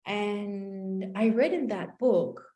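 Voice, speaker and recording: A woman's voice: mid-range voice, drawn-out words, mellow, roomy sound. A woman life coach telling a personal story in a motivational talk, acting out the dialogue as she goes.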